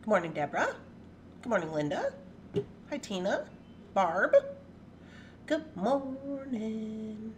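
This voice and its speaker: A woman's voice: medium pitch, wildly swooping pitch, moderate pace, long pauses, slight background noise. A woman hosting a casual morning livestream from her home workroom, chatting and greeting viewers by name and playfully teasing her cats. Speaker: livestream host.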